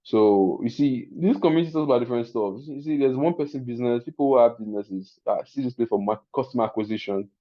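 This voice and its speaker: Nigerian guy teaching on a webinar, chatty n excitable, kinda dull muffled sound, mid pitch. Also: fast, few pauses. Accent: Nigerian English. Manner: chatty, excitable, laughs often. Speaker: webinar host.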